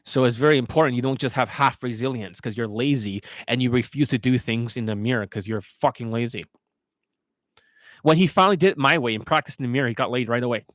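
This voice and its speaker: A man's voice: mid-range voice, quick pace, a bit bright, no echo. Profane, ranting man with a dry sound. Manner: profane, scornful, aggressive ranting. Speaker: dating coach. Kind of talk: ranting monologue.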